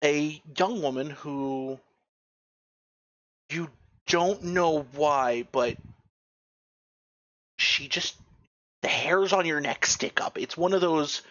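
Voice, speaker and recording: A man's voice: a little high, slow, pauses often, a bit bright. A man narrating as game master of a tabletop game, rambling with many fillers and restarts, on a dull lo-fi recording. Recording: dull lo-fi sound.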